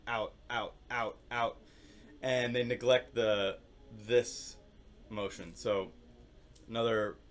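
A man teaching orchestral percussion, explaining calmly with many fillers and singing rhythms on syllables. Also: mid-range voice. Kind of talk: instructional demonstration.

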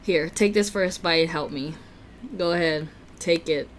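A woman's voice: sits low, a little slow, a little hiss or hum. A woman vlogger chatting casually to camera before a food challenge, nervous and giggly, often stumbling over her words. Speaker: mukbang vlogger.

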